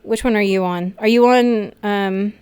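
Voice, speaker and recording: A woman streaming a role-play game in a VR headset, teary and sniffling, murmuring quietly as she chats between scenes. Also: mid-range voice, steady tone, measured pace, a little hiss or hum. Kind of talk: casual chat between scenes. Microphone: VR headset mic.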